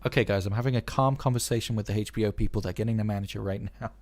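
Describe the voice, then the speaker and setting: A man's voice: lowish voice, steady tone, racing, a little mellow. A man hosting a live stream in casual chat, ranting in an exasperated, profane way. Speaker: streamer and show host.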